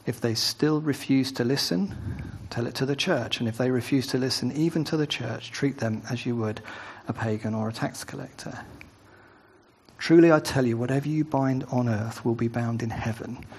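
A man's voice: medium pitch, normal speed, a little mellow, a little hiss or hum. A man preaching a sermon, first reading scripture aloud, then talking it through conversationally with asides and tag questions.

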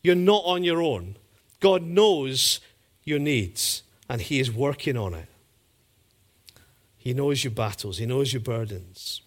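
A man preaching a sermon to a congregation in a church, lively and conversational, with humorous asides. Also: mid-range voice, slow, pauses often.

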